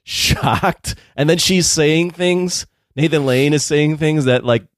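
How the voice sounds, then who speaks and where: A man's voice: fairly high pitch, unhurried, no echo, clean studio sound. A man co-hosting a casual film review chat, retelling scenes with lots of laughter. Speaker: podcast co-host.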